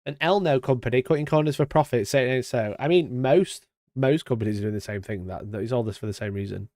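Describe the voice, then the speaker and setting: A British man hosting a casual live stream, chatty and mock-indignant, talking into a boom-arm mic. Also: quick pace, darkish tone, dry recording, clean studio sound. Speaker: streamer host. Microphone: studio mic on boom arm.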